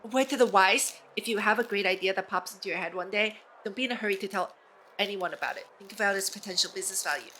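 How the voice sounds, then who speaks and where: A woman's voice: medium pitch, fast, bright, forceful tone, a little hiss or hum, lightly acted. A woman reading aloud the lines of a boastful, paranoid male inventor from a game, in a pompous, self-important manner.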